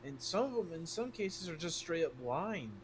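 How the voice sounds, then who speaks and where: A man's voice: a little high, big pitch swings, moderate pace, crowd noise. A man co-hosting a stream, talking in a laid-back, filler-heavy casual way. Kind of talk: casual chat.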